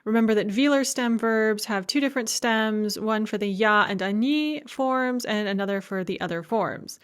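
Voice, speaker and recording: A woman's voice: mid-range voice, moderate pace, clear, resonant tone. A woman teaching a recorded language lecture, explaining grammar methodically and carefully pronouncing example words. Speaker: Russian language instructor.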